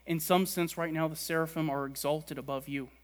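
A man preaching a sermon, stressing words by repeating them and letting key lines fall quiet and low. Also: fairly even intonation, brisk. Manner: emphatic, repeats words for stress, drops soft at ends. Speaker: pastor.

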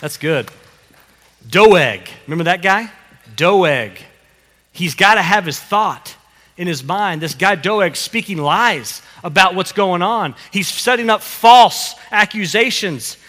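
A man preaching a family sermon as pastor, animated and encouraging as he coaches children through the psalm, often repeating his phrases. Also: high-pitched, slow pace, in a large hall.

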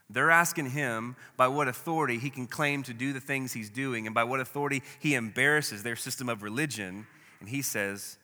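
A male pastor preaches with a bright, forceful voice that rings out through a long, reverberant hall. He is dramatic and slips into the voices of the people in his story. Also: mid-range voice. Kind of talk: sermon.

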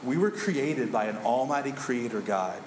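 A man's voice: mid-range voice, lively intonation, moderate pace, background noise. Conversational male pastor in an echoey hall. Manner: conversational, asks the audience questions. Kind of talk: sermon. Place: church hall.

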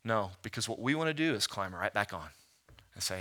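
Pastor, man, 30s: bright sermon voice, rhetorical questions, lively storytelling. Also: lowish voice, brisk.

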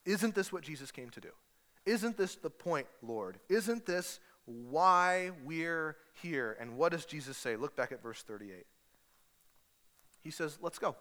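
A male pastor tells a story in his sermon, playfully acting out the people in it. His voice is bright and forceful. The sound carries a long church-hall reverb. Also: fairly high pitch, measured pace. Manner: storytelling, animated, acts out voices with humor.

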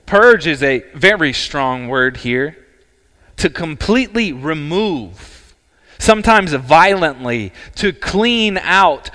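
Male pastor, sermon, slow deliberate delivery, clear resonant voice, long hall reverb. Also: on the high side, very animated, bright, forceful tone. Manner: earnest, emphatic preaching with dramatic pauses. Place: church sanctuary.

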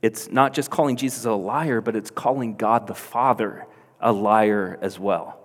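A man's voice: on the low side, fairly even intonation, measured pace. A man preaching a sermon as pastor, earnest and building to emphatic, insistent peaks. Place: church hall. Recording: long hall reverb.

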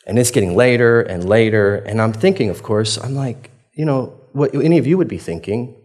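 A man's voice: fairly low pitch, normal speed, a little mellow. A man, preaching a conversational sermon. He tells a personal story in a chatty, self-deprecating way, laughing often and acting out his own reactions. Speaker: pastor.

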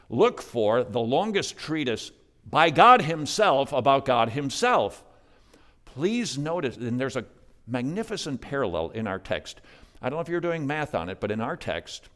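A man preaching a sermon, with dynamic delivery that swings from hushed to loud. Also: medium pitch. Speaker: pastor.

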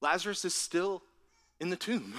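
A man with a bright, forceful voice delivers a sermon, speaking a little higher than most men. He preaches in an earnest, conversational way, circling back over his words. For emphasis he drops his voice to a hushed near whisper. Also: very animated, normal speed. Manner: repeats words and restarts phrases. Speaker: pastor.

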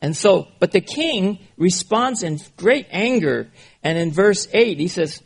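Male preacher, gravelly and a bit husky, fairly high, chatty sermon delivery. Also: expressive, unhurried. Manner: informal, keeps checking in with the listeners. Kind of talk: conversational sermon on scripture.

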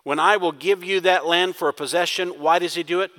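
A man preaching a sermon as pastor, emphatic, swinging from loud urging to quiet intensity. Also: on the high side, brisk, hardly any pauses, long reverb tail.

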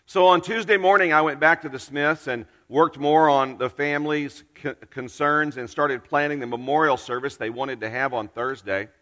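Male preacher, earnest storyteller with dramatic pauses, bright tone, long church-hall reverb. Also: a little high. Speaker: pastor. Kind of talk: storytelling sermon.

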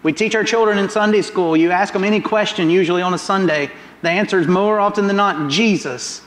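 A middle-aged man preaching a sermon in a church, animated and full of rhetorical questions. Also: high voice, fast, slight background noise. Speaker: pastor. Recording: roomy echoing hall.

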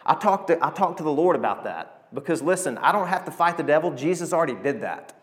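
Lively preacher man. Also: a little high, quick pace. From Arkansas, USA. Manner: animated storytelling preacher, emotional, calls to the congregation. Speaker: pastor. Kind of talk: sermon.

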